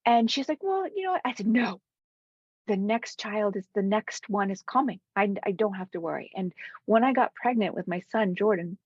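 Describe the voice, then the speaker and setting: A woman guest, a spiritual coach, telling a heartfelt personal story in an interview, dropping to soft whispers at times. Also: medium pitch, moderate pace, breathy edge, no room sound, muffled recording. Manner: earnest, drops to soft whispers for quoted moments.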